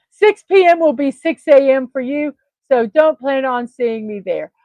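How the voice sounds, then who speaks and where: A woman's voice: sits high, lively intonation, measured pace, dark tone, dry recording. A woman hosting her own morning livestream, chatting in a friendly way with many ums and uhs. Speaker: livestream host. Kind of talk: casual livestream chat.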